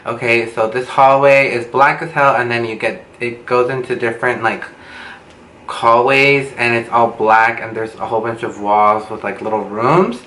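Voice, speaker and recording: A man's voice: mid-range voice, steady tone, moderate pace, pushed and bright. A young man telling a casual storytime in a dramatic, gossipy, profane way, recorded on a camera mic at home. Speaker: beauty vlogger. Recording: roomy with faint background noise.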